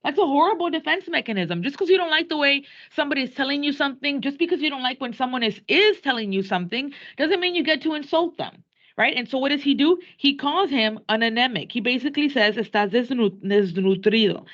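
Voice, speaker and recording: A woman teacher with a bright, fairly high voice lectures her class in an animated way, switching between English and Spanish. She is recorded in a classroom. The sound is dull and lo-fi. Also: quick pace.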